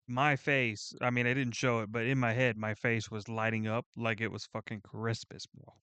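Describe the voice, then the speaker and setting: A man hosting a reaction video, chatting casually in a rambling, excitable way and swearing freely. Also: medium pitch, moderate pace, smooth, dry recording.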